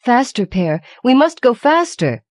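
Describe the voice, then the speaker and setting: A woman's voice: a little high, sing-song, unhurried, a little mellow, no echo, clean studio sound, voice pushed up. A woman reading the part of an anxious young woman devoted to her lover, speaking urgently and pleadingly.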